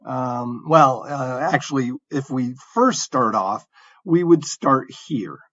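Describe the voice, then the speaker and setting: A man's voice: medium pitch, expressive, takes it slowly, a bit bright, dull audio. A male university lecturer giving a recorded engineering lecture, talking conversationally with frequent fillers and restarts.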